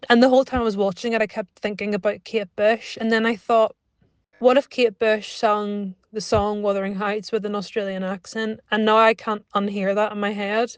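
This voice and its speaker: A woman's voice: medium pitch, smooth, no echo. Chatty woman reviewing a film, dry close sound. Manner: chatty, wry, amused. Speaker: podcast co-host. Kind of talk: casual film review chat. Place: cinema lobby. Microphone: small phone microphone.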